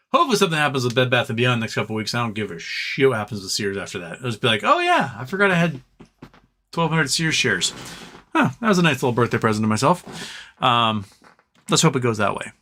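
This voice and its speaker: A man's voice: medium pitch, sharp tone. A man hosting a livestream, chatting casually and rambling, acting out other people's lines with exasperation. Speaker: livestream host.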